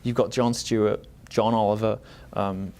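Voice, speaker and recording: A man interviewing in a studio, speaking in an articulate, measured and lightly wry way. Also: fairly low pitch, little pitch movement, a little mellow. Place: broadcast studio.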